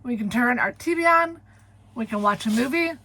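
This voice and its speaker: Brief: upbeat woman vlogger, slightly high, breathy, chatty. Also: animated, normal speed, sharp tone. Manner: chatty, laughs often. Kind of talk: casual vlog narration.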